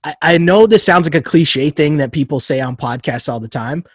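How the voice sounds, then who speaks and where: A man's voice: a little high, expressive, moderate pace, no echo. A man hosting a casual sports podcast, easygoing and affirming, laughing along with his co-host.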